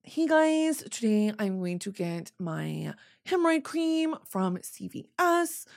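A woman's voice: mid-range voice, sing-song, slow pace, vocal fry, darkish tone, exaggerated voice. A woman parodying a vapid young female influencer in a mock-sweet, oblivious voice as a comic bit.

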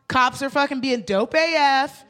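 A woman co-hosting a live comedy show, telling an animated story and acting out the quotes. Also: sits high, a little slow. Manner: animated, acts out quotes, laughs often. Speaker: comedy podcast co-host. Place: live stage before an audience.

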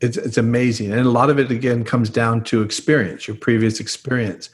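A trauma expert appears as a guest on a podcast interview, explaining things earnestly and acting out the lines he quotes. His mid-range voice has fairly even intonation and moves a little fast.

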